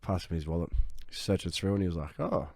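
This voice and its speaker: A man's voice: low voice, fairly even intonation, fast talker, darkish tone, dry recording. Australian young man telling a story. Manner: storytelling, laughing often. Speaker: podcast co-host. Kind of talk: casual chat. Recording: dry studio.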